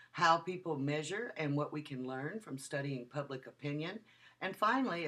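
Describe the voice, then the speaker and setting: A woman giving a recorded video lecture as a university lecturer, talking in an animated, emphatic way and repeating her key points. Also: sits low.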